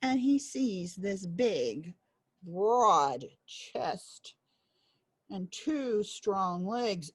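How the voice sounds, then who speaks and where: A woman storyteller telling a folk tale in a playful, animated way. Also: lowish voice, extremely slow, husky, no room sound.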